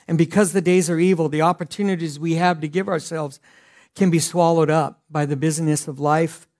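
Male pastor, middle-aged, sermon, earnest, loud then hushed, fairly high voice. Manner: earnest preaching, swings from loud emphasis to hushed.

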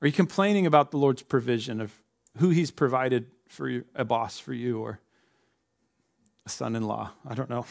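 A man's voice: medium pitch, normal speed, vocal fry. A man preaching a sermon in a conversational way, acting out the voices of the people he quotes. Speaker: pastor.

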